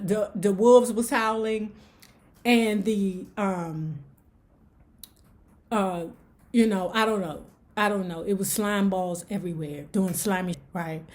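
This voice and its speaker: A woman telling a family story casually and dramatically, with playful asides and exaggerated flourishes. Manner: dramatic, playful, shifts into high voices for quotes. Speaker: storyteller vlogger.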